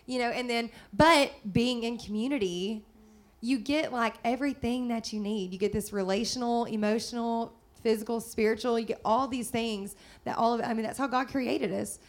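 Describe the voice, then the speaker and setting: A woman's voice: fairly high pitch, normal speed. Chatty upbeat woman. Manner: chatty and upbeat, many fillers. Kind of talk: casual faith-based chat.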